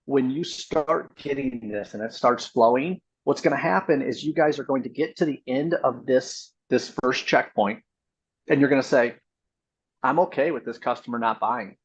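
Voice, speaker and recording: A husky-voiced man talking salespeople through a process in a relaxed, conversational way. The recording sounds a little dull and muffled. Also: mid-range voice, moderate pace. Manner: conversational, explains with examples. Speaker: sales coach. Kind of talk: coaching session.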